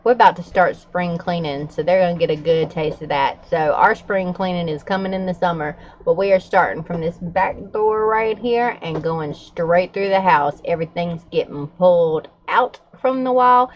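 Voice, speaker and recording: A woman's voice: on the low side, normal speed, few pauses, highs cut off. Chatty woman vlogging. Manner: chatty and candid, frequent laughs and fillers. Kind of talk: casual chat to camera.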